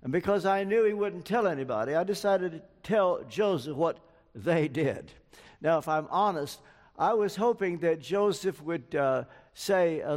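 An older man delivers a sermon at a slow, measured pace, earnest and personal. His voice sits somewhat high for a man. Long reverb from a large church hall hangs on each phrase. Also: lively intonation, darkish tone. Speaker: preacher.

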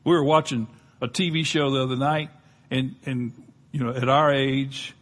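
A man's voice: mid-range voice, fairly even intonation, normal speed, fairly bright tone. An older man with a Southern US accent preaching a sermon, folksy and conversational, with touches of humor. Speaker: pastor.

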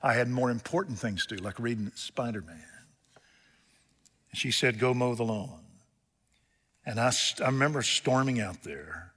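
A man's voice: medium pitch, expressive, moderate pace, fairly bright tone, breathy edge. Folksy preacher man in a reverberant hall. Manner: folksy storytelling with jokes. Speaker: pastor. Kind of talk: sermon.

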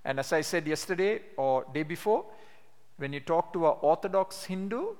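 An older man teaching a class on sharing the gospel, telling stories with animation and reading scripture slowly with emphasis. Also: a little high, lively intonation, darkish tone, clean tone. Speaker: evangelism trainer. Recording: long hall reverb.

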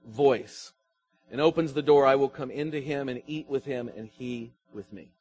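A man's voice: medium pitch, brisk, darkish tone. A man preaching a sermon as pastor, his emphasis swelling and falling as he asks the congregation questions.

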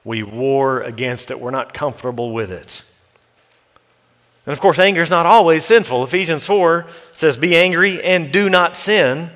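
A man's voice: on the high side, normal speed, fairly bright tone, long reverb tail. A man, a pastor with young children, preaching an earnest, practical sermon and quoting scripture as he goes. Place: church sanctuary.

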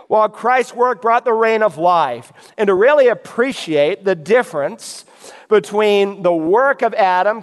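A man delivers an expository sermon, reading scripture aloud and directing his listeners with emphatic, teacherly insistence. His voice sits high for a man. It rings out with a long reverb, as if filling a large church sanctuary. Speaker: pastor.

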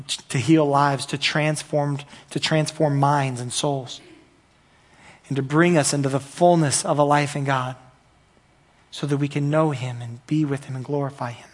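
A man preaching a sermon as pastor, earnest and repetitive, building in intensity at the peaks. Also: on the high side.

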